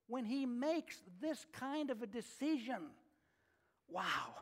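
High-voiced man preaching a folksy sermon. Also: slow pace. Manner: folksy, animated retelling with asides. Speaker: pastor.

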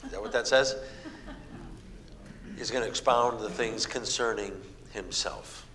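A middle-aged Midwestern American man preaches a sermon in a lowish voice at a measured pace, telling folksy stories and giving animated voices to the people he quotes. The reverberant hall carries faint noise and crowd sounds.

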